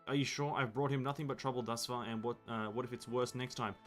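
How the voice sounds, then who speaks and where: An anxious young girl blames herself for everything, in plain game dialogue. A man reads her lines aloud without putting on a voice, in an ordinary mid-range pitch over soft music. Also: fairly even intonation, fast talker, close to an everyday voice. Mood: worried.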